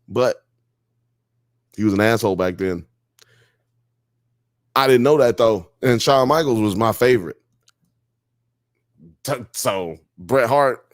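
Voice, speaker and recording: A man's voice: mid-range voice, dry recording, clean studio sound. A man hosting a live show, reading chat comments and joking around in a loose, profane, casual way.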